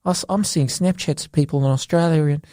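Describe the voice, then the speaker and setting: A man from the United Kingdom co-hosting a comedy podcast in casual chat, animated and swearing. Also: fairly high pitch, fast talker, no room sound, clean studio sound. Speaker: podcast co-host.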